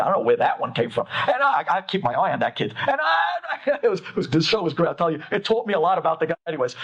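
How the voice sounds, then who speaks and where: A man, a rabbi, telling a story to an audience in an animated way and acting out the characters as he goes. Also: high-pitched, brisk, slightly rough, rough recording.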